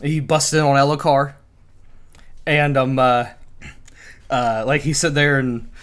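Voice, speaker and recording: A man's voice: medium pitch, flat delivery, unhurried, a bit bright, clear, resonant tone. A man co-hosting a casual book-club podcast, rambling with many fillers and restarts. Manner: rambling, many fillers, acts out character dialogue. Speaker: podcast co-host.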